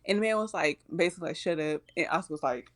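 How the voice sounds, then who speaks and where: A woman's voice: lowish voice, animated, rapid-fire, a bit bright. A woman co-hosting a casual chat, retelling a cartoon and acting out the characters' lines. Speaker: podcast co-host.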